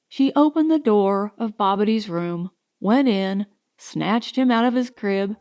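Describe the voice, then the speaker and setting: Slow, expressive woman narrating a story. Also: medium pitch, faint music behind. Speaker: audiobook narrator. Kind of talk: scripted narration.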